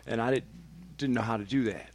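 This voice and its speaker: A man's voice: mid-range voice, fairly quick. A man, a radio personality, telling a candid and emphatic personal story as a podcast guest, swearing freely.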